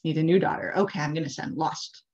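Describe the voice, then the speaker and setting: A woman's voice: sits low, fast, darkish tone. A woman playing Mara, a blustering comic demon. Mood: scheming. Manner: blustering, casual quoted speech. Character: comical buffoonish male demon tempter, scheming. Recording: dull lo-fi video call audio.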